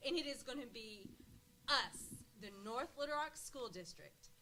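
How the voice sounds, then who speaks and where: A woman's voice: fairly high pitch, animated, moderate pace, sharp tone, a little hiss or hum, rough recording. A woman speaking as a school board member, passionate and rousing in a public meeting.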